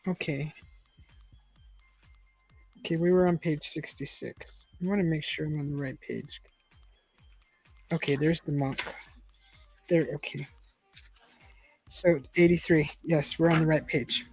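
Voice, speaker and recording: A woman's voice: low-pitched, lively intonation, measured pace, long pauses, darkish tone, husky, no echo, faint music behind, poor audio. A woman reading an adventure book aloud in a casual, chatty way, breaking off for laughing asides. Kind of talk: casual read-aloud chat.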